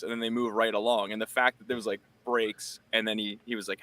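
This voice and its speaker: Bright-voiced man telling a story. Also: mid-range voice, a little fast, no room sound. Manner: chatty, animated retelling with acted quotes. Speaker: podcast guest, music creator. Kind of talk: casual storytelling.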